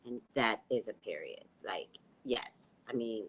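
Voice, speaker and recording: A woman in her sixties chatting casually with her audience, snarky and animated, telling stories full of quoted dialogue, with a slight lisp from a missing tooth. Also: extremely low pitch, a little slow, low-quality recording. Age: 60s. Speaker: livestream host reading viewer comments. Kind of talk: casual chat.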